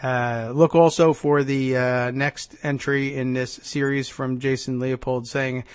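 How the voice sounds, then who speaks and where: A man's voice: mid-range voice, level tone, unhurried, clean tone, no echo. A man hosting a radio talk show, reading news aloud with wry, sarcastic asides into a studio microphone.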